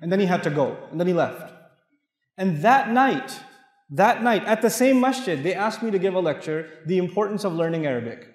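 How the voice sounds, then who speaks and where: A man from Pakistan delivers a lively, funny, storytelling sermon. His voice sits fairly high, and he speaks with emphasis. The hall around him is echoey, with a long reverb tail. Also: fairly quick. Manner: animated, humorous, emphatic. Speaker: Islamic lecturer. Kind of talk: storytelling sermon to a mosque audience.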